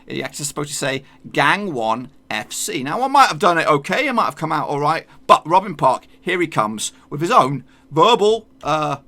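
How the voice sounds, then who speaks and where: A man's voice: a little high, big pitch swings, brisk, few pauses, sharp tone. A man hosting a football channel, talking in a chatty, jokey way with plenty of slang. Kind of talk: casual football vlog.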